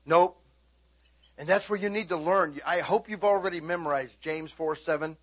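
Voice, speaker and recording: A middle-aged pastor delivering a sermon in a notably high, husky voice. He tells stories animatedly, keeps asking his listeners whether they follow, and sometimes jumps into loud, high bursts. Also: brisk. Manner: animated storytelling, sudden high shouting bursts.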